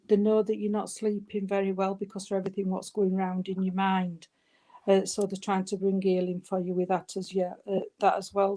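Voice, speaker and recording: A woman, working as a spiritualist medium and giving a spirit reading at a service. She talks gently and soothingly, calling the listener sweetheart and darling, and often stops and restarts her sentences. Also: mid-range voice. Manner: hesitant, with frequent restarts.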